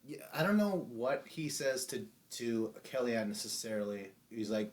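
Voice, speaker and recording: A man's voice: on the low side, normal speed, few pauses, darkish tone. A man co-hosting a casual podcast, loose and profane, laughing often and doing mocking impressions of people. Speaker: podcast co-host.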